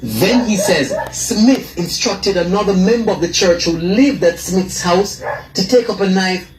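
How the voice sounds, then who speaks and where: A news reporter reading a scripted report in a measured, formal way. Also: mid-range voice, lively intonation, echoey room, a little hiss or hum, poor audio.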